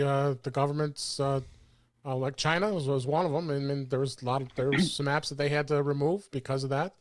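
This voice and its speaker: Male podcast guest, fast but halting, lots of uh's, dry close sound. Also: medium pitch, no echo. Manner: hesitant, halting, full of uh's. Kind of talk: casual tech podcast chat.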